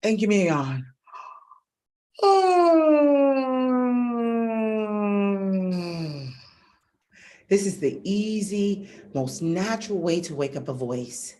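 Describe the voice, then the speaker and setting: A middle-aged woman vocal coach leading a warm-up lesson, energetic and encouraging, giving brisk, direct instructions and checking in often. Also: lowish voice. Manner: energetic and encouraging, checking in with "okay?" and "all right?".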